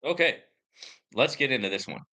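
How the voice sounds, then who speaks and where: A man hosting his channel, clowning around with playful voice inflections. His tone is piercingly bright and tense, and his pitch leaps up and down in a lively way. He keeps it casual and talks straight to his viewers. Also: normal speed. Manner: animated, joking, comical voice inflections. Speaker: YouTube channel host.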